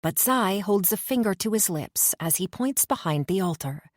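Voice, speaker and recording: A woman narrating a first-person romance fantasy audiobook in a measured, tense storytelling manner on a close studio mic. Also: mid-range voice, expressive, no room sound.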